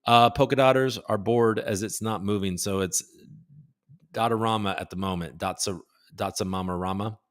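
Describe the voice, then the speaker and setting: A man's voice: fairly low pitch, fairly even intonation, moderate pace. A man hosting a casual crypto livestream, rambling and joking irreverently as he reads viewer comments.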